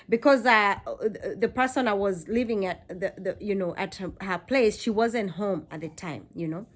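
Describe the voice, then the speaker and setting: A young woman from Kenya recounts a personal story to her camera, casual and animated. Her voice sits a little high, and she leans on repeated phrases to drive her points home. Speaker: vlogger.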